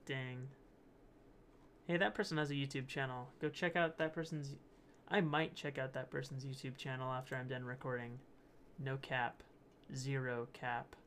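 A man's voice: mid-range voice, fairly even intonation, moderate pace, fairly bright tone, slight background noise. A young man hosting his channel, rambling casually through posts, laughing often and stumbling over words. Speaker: channel host. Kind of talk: casual commentary reading posts.

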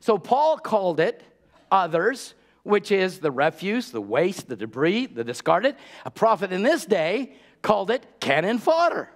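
A male preacher with a notably high voice delivers a sermon with urgency. He drives his points home by repeating key words and asking the congregation rhetorical questions. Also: sing-song, unhurried. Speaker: pastor.

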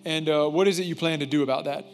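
Pastor, male, slightly higher voice, easygoing and joking with the congregation, faint music behind. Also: fairly even intonation, quick pace. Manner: casual, joking, with y'all and fillers. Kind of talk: church service address.

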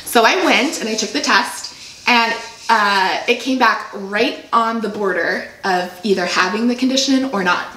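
Young woman host, emotional casual storytelling, a little hoarse, echoey room. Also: mid-range voice, normal speed, sharp tone, slight background noise. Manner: emotional, trying not to cry. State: frog in her throat. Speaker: podcast co-host. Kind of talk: casual chat.

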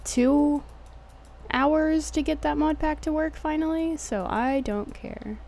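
The voice sits high and sounds gravelly and a little mellow, and it moves slowly. It belongs to a young Texan woman streaming a game, whose commentary is relaxed, jokey, slangy, and casually profane.

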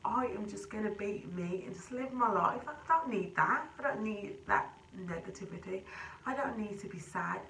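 A woman's voice: mid-range voice, animated, normal speed, vocal fry, a bit bright, a little hiss or hum. Earnest woman, roomy echo. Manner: emotional, earnest, rambling with restarts. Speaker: vlogger. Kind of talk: casual confessional chat. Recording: roomy, echoey, distant from mic.

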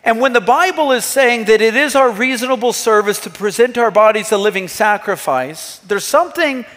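A man's voice: extremely high pitch, expressive, moderate pace, fairly bright tone. A man in his thirties, a pastor, preaching an earnest, emphatic sermon with rhetorical questions. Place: church hall. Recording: long hall reverb.

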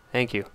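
A man giving casual gameplay commentary, blurting out excited exclamations and complaints at the game as he plays. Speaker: let's play gamer.

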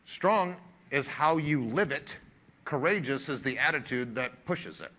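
A male pastor preaching a sermon in an energetic, joking and emphatic conversational way. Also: mid-range voice, a little slow.

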